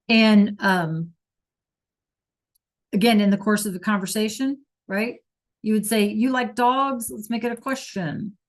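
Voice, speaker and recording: A woman's voice: medium pitch, takes it slowly, pauses often. A woman Spanish teacher giving an online class lesson, searching for examples with many fillers and acting out short dialogues.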